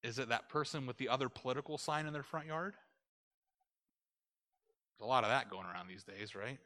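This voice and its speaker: A man preaching a conversational sermon, retelling a story with animated delivery and asking his listeners rhetorical questions. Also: mid-range voice, fairly quick.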